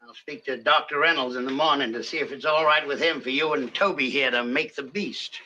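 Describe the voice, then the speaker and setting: An actor playing a harsh, taunting plantation overseer in a film, giving orders with scorn. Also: male voice, medium pitch, fairly quick, bright, forceful tone, dull audio. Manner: taunting, bossy.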